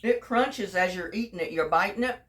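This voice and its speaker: A woman's voice: mid-range voice, a little fast, recorded from a distance. A woman talking through a home cooking video in a folksy, chatty way, speaking straight to her viewers. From Texas. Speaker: home cook. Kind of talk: casual cooking vlog.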